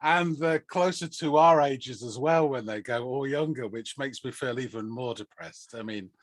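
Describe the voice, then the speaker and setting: A man's voice: medium pitch, normal speed, no echo. A man in his fifties co-hosting a music reaction show, chatting in a wry, self-deprecating way. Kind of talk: casual chat.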